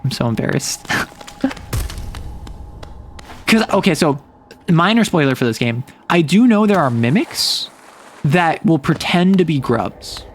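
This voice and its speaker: A man's voice: fairly high pitch, sing-song, moderate pace, a little hiss or hum. Chatty male streamer with a raised voice. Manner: chatty, rambling, says "like" often. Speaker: VTuber streamer. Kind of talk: casual gameplay stream commentary.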